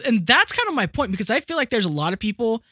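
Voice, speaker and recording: A man's voice: extremely high pitch, fast, dry recording, studio quality. A young man co-hosting a podcast, rambling through his opinions with jokes. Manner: animated, rambling, joking. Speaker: podcast co-host. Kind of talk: casual chat.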